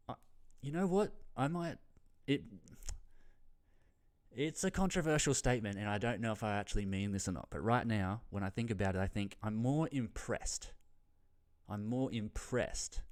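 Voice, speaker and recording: A young adult man with an Australian accent talks footy in a loose solo vlog. His voice sits a little low. He rambles, swears a lot and trails off when he loses his thread. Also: lively intonation, normal speed, long pauses, darkish tone. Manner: rambling and heavily profane, loses his train of thought. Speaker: footy tipping vlogger. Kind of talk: casual solo commentary.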